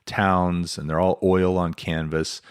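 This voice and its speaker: A man's voice: deep voice, level tone, slow pace, clear, resonant tone. A man hosting a podcast, telling a life story in a casual, chatty way with lots of asides. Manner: conversational, many fillers and asides. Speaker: podcast host.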